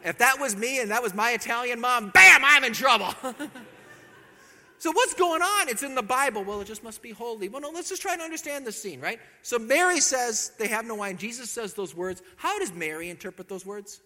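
A man preaching a sermon, animated and joking, peppering his congregation with rhetorical questions. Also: very high voice, normal speed, big-room sound.

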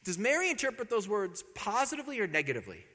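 Brief: lively, bright-voiced male preacher with a humorous, questioning manner, long church reverb. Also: high-pitched, fast talker. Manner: animated, humorous, full of rhetorical questions. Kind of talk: sermon.

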